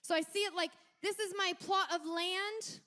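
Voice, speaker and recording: A woman with a very high voice delivers a sermon. She tells stories in an animated, lively way and now and then breaks into shouted lines. She sounds like a young adult. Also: moderate pace. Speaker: preacher.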